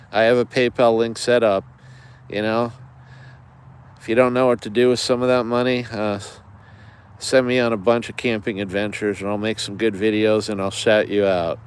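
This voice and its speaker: A man's voice: mid-range voice, clear, resonant tone. A man hosting an outdoors channel, rambling chattily to viewers in a livestream from the woods. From United States. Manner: chatty, digressive, many fillers, greets viewers.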